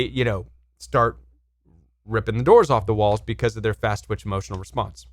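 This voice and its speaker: A man speaking at normal speed in a voice on the low side, with no echo, coaches viewers about relationships straight to camera. He talks emphatically, repeating words and asking viewers questions.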